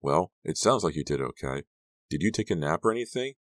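A man playing a calm, reassuring teenage girl. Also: a bass voice, fairly quick, no room sound. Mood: coaxing. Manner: coaxing, insistent, reassuring. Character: steady teenage girl, guilt-ridden but reassuring.

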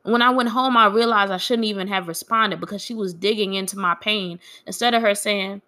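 Young woman, bright voice, grieving, candid personal vlog storytelling. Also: medium pitch, steady tone, brisk, hardly any pauses. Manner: candid, frank, quietly aggrieved.

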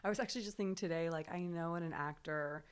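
A woman playwright chatting casually about rehearsals, animated and often laughing, with frequent restarts. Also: on the low side, fast, clean tone.

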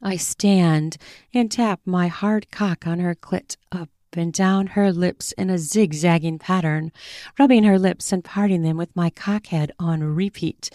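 A woman author reading her own first-person erotic story in a slow, intimate, deliberate way. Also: lowish voice, warm tone, no room sound, studio quality.

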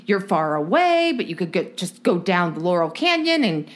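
A woman from California co-hosting a podcast in casual chat, rambling and giggly as she thinks out loud. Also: lowish voice, big pitch swings, moderate pace. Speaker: podcast co-host.

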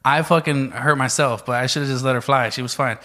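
A man's voice: medium pitch, fairly quick. A man in casual chat, telling a story with lots of swearing and acting out quotes. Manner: profane, animated storytelling, acts out quotes.

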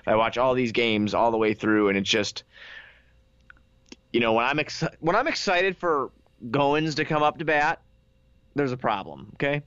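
A man's voice: mid-range voice, animated, moderate pace, long pauses, a bit bright, smooth, no echo, highs cut off. A man co-hosting a casual sports podcast, glum and complaining, stammering through his sentences. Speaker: podcast co-host.

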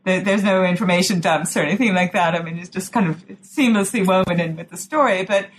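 A woman hosting an interview with an author, appreciative and quick to laugh. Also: fairly low pitch, a little hiss or hum, low-quality recording. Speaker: interview host. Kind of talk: casual interview.

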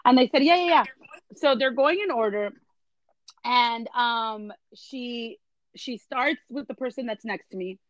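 A woman telling an animated story in a casual chat, switching between English and Spanish. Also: a little high, unhurried, dry recording, muffled recording. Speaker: entertainment journalist guest.

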